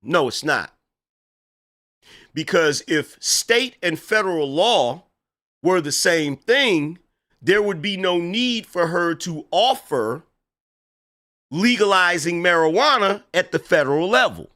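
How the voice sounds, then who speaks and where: A middle-aged political commentator reacts to an interview clip with sarcastic, indignant commentary and mocking asides. His voice sits high and is expressive, bright, and forceful, delivered slowly with frequent pauses.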